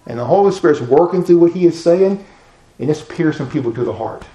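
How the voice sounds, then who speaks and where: A man preaching a sermon, firing off rhetorical questions with big swings in pitch and loudness. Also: expressive, fairly quick, reverberant, poor audio. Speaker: pastor.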